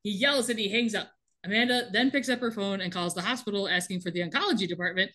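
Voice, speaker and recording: A woman in casual chat, recapping a TV episode with lively, laughing delivery and quick acted-out lines. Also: mid-range voice. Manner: animated, laughing often, acts out characters' lines. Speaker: podcast co-host recapping a TV episode.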